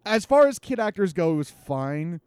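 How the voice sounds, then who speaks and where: A young adult man co-hosting a podcast, joking and animated, swearing freely in casual chat. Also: high-pitched, normal speed, clean tone. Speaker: podcast co-host.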